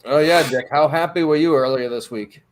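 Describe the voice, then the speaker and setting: A man's voice: a little high, a little fast, slight background noise. A man co-hosting a podcast, teasing his friend and steering the casual chat with easy laughter. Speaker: podcast co-host.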